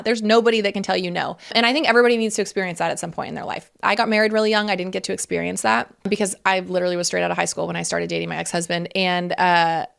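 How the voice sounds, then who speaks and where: A woman in her thirties hosts a casual solo podcast with a gravelly, fry-laced voice at a middle pitch. She talks candidly and chattily, laughing often and swearing freely. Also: fast talker. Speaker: podcast host.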